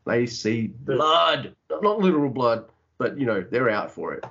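Male podcast co-host, casual and animated, profane, dull lo-fi mic. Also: deep voice. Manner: animated, swears a lot, acts out wrestlers' lines. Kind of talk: casual wrestling chat.

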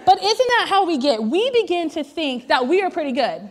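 Woman, 30s, high voice, pastor's wife telling funny family stories from the pulpit, chatty and self-mocking. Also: big pitch swings, normal speed. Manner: chatty and self-deprecating, with many "like" fillers. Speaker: pastor's wife giving a sermon. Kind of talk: humorous storytelling sermon. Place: on stage before a church congregation.

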